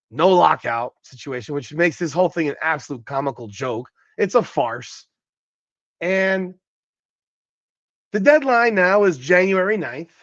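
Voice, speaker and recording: A man's voice: on the high side, fairly bright tone, no echo, highs cut off. A man hosting a podcast, giving casual, profane and incredulous commentary. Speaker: podcast host.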